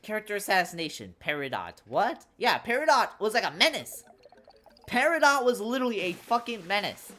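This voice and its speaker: A woman's voice: medium pitch, a little fast, soft background music. A young woman streaming a game live, ranting casually and profanely about characters and saying "bro" a lot. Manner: ranting, profane, animated, says "bro" often. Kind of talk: casual live-stream commentary while gaming.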